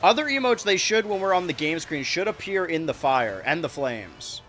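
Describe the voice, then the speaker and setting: A man streaming a kart racing game, rambling and joking to his chat with sudden excited yelps. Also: on the high side, moderate pace, faint music behind. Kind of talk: live-streamed gameplay commentary.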